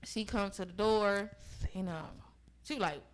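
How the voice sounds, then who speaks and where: A woman's voice: mid-range voice, a little slow, rough recording. Earnest woman telling her own story. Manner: earnest, emphatic, keeps checking in with listeners. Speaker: guest sharing a personal story. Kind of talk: conversational storytelling.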